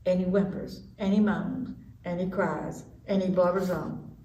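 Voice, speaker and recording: A woman reading a children's story aloud with slow, expressive delivery. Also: fairly low pitch. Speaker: story time reader. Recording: echoey room, distant mic, faint noise.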